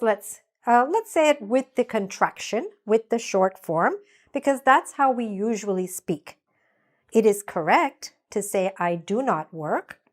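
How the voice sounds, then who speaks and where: Woman teaching grammar, slow and patient, drawls out example sentences for ppl to repeat. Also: a little high. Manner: slow, patient, spells out examples slowly for repetition. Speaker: English teacher. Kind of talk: grammar lesson with repeat-after-me drills.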